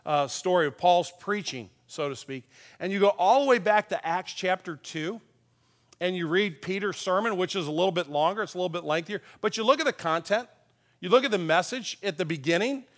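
A man, a pastor, giving a conversational sermon with personal stories, dropping softly on key points. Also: sits high, lively intonation, a little fast. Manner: folksy, tells personal stories with chuckles.

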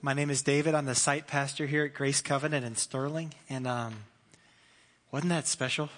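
A man preaching a sermon as a pastor in a church, in a lively, conversational way with many restarts. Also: medium pitch, moderate pace, faint music behind. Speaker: site pastor. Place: church sanctuary. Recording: long church hall reverb.

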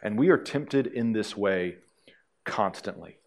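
A man's voice: fairly low pitch, animated, a little slow. A male pastor preaching a sermon to a congregation in a conversational way, with dry humor.

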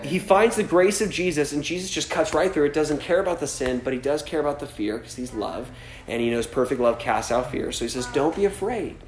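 A man's voice: fairly high pitch, expressive, brisk. Casual preaching man in an echoey room. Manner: casual preaching, frequent "right?", acts out voices with laughs. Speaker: pastor. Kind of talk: sermon.

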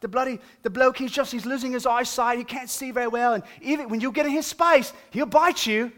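A man's voice: very high-pitched, steady tone, a little fast, a bit bright, voice pushed up. A man putting on a snippy dog-owner lady. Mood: dismissive. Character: dismissive woman dog owner, snippy and unbothered.

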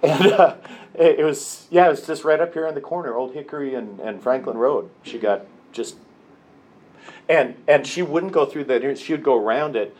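A man leading a prayer workshop with a group, talking conversationally, with restarts and slow emphasis. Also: mid-range voice, a little mellow. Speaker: workshop leader. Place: meeting room with a group.

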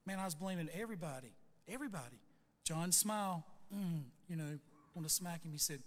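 A man's voice: a little high, lively intonation, fairly quick. A middle-aged man preaching a sermon with a personal testimony, telling his story earnestly and checking in with "right?" and "okay?". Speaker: pastor. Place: church sanctuary. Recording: long church reverb, faint music.

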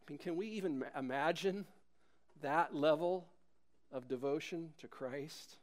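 High-voiced man preaching emphatically. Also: measured pace. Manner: emphatic, rhetorical questions. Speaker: pastor. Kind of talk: sermon.

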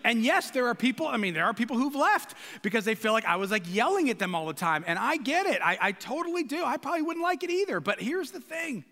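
A man preaching a sermon as pastor, loud and passionate, often shouting for emphasis. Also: extremely high pitch, big pitch swings, quick pace, few pauses, long reverb tail.

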